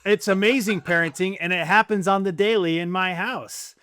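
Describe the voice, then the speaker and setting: A man hosting a podcast, leading segments in a brisk, upbeat way. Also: high voice, fairly even intonation, bright, forceful tone, smooth. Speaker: podcast host. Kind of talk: casual chat.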